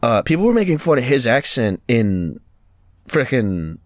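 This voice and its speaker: A man co-hosting a laid-back podcast, his pitch swinging wildly as he jokes. He laughs often and drops into quick mock voices. The sound is dry and close to the mic. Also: sing-song, dry recording. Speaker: podcast co-host. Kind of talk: casual chat.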